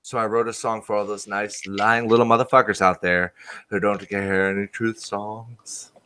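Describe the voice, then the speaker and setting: A man's voice: fairly low pitch, level tone, moderate pace, bright, forceful tone, clear, resonant tone, dry recording. A man in casual chat, acting as a hyped, comic showman.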